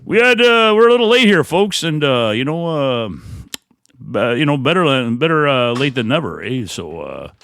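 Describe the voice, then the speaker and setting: A man's voice: medium pitch, very animated, moderate pace, fairly bright tone. A Canadian man co-hosting a live podcast stream, rambling and joking with many fillers. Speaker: podcast co-host.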